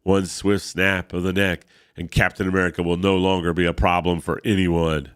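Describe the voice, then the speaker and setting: A cold, scheming vampire villain, played by a man reading a comic. His voice is very low and smooth, recorded dry and close. He speaks slowly and with menace. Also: level tone, dry recording, natural voice. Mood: menacing.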